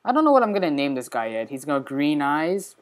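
Brisk and chatty, a man commentates on his gameplay at the computer for a let's play, casual and excited. He bursts into sudden high squeals along the way.

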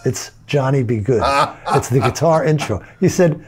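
An older male guitarist, interviewed in casual chat, telling studio stories in an animated way, laughing along and acting out other people's lines. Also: medium pitch, normal speed, breathy edge. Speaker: guitarist guest.

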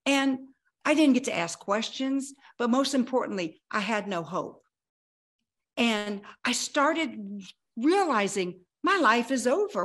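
A woman's voice: on the high side, expressive, slow, a bit bright. A woman in her sixties, a guest on an interview podcast, telling her own life story dramatically and acting out remembered dialogue. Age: 60s. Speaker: guest, health coach.

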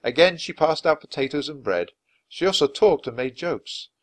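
A man reading a children's chapter book aloud at a clear, natural pace for language learners. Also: a little high, animated, moderate pace. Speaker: storyteller.

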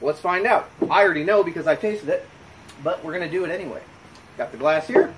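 Host reviewing whiskey, man, high voice, easygoing and jokey, faint background hum. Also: fast, low-quality recording. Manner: relaxed, joking, chatty with fillers. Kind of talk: casual chat to camera. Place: home bar.

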